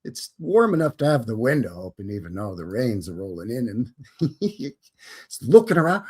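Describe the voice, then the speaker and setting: A man's voice: medium pitch, big pitch swings, normal speed, darkish tone, breathy edge. Folksy Canadian man hosting a live stream. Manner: folksy, jokey, greets viewers by name. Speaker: host. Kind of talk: casual live-stream chat.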